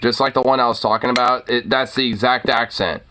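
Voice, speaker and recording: A man's voice: medium pitch, fairly even intonation, brisk, background noise. A man hosting a casual talk show, ranting in a profane, rambling way full of fillers. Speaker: host. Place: lives in Portland.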